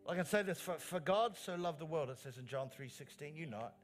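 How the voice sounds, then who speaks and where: A male pastor preaches in a church with an earnest, emphatic delivery, repeating key phrases and lifting his voice on the strong lines. His voice sits a little higher than most men's. Quiet instrumental music plays underneath. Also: expressive, quick pace. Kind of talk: sermon.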